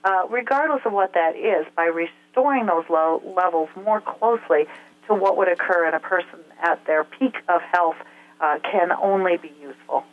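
A woman with a lowish voice speaks at a moderate pace as a health expert guest in an interview. She walks through her explanations step by step, using lots of filler sounds, and the audio comes through a tinny telephone line.

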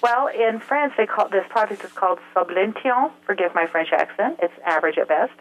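A woman's voice: mid-range voice, animated, fairly quick, slight background noise. A woman speaking as a health expert guest in an interview, explaining things step by step with frequent filler sounds. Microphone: telephone. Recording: tinny phone line.

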